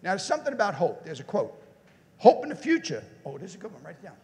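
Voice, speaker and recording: A man with a high, expressive voice gives a motivational keynote at a conference, swinging widely in pitch as he talks. He keeps turning to the audience with direct questions. His voice carries a long reverb from the hall. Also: racing, vocal fry. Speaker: motivational speaker.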